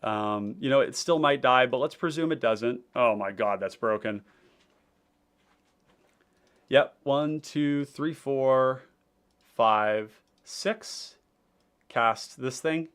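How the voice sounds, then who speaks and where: A man chatting casually on a livestream, rambling with plenty of ums and restarts. He reads out viewer comments and plays through his deck in a relaxed, conversational way. His voice sits at an ordinary middle pitch. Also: takes it slowly, pauses often, clean tone. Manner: rambling, many fillers and restarts, reading chat aloud. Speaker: deck-building host.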